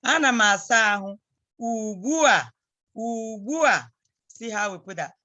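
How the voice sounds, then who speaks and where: A woman's voice: on the high side, animated, unhurried, sharp tone. A woman teaching a language class over a video call, patiently repeating phrases for her students to copy. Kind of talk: online class instruction.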